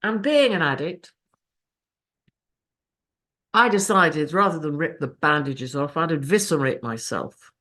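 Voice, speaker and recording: Woman, lowish voice, raw emotional recovery share, swears, video call. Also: expressive, a little slow, long pauses, fairly bright tone. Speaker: speaker sharing her recovery story. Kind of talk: personal testimony at a support meeting.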